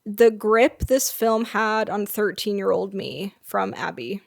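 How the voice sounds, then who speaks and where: A woman's voice: medium pitch, slow, vocal fry. A young woman co-hosting a podcast in casual, playful chat, full of "like" and "um". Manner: playful, joking, lots of "like" and "um". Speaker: podcast co-host.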